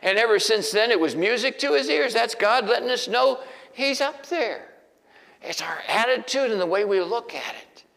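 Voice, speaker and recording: A male pastor delivering a sermon in a church, moving between hushed, near-whispered prayers and loud, emphatic preaching. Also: very high voice, expressive, normal speed, gravelly. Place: church sanctuary. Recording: long reverb of a large hall.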